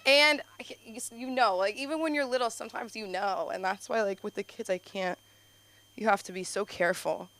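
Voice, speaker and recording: A woman doing a stand-up comedy set on a club stage, telling animated stories with constant "like"s. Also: mid-range voice, fairly quick. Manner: animated storytelling, heavy use of "like". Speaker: stand-up comedian and show host.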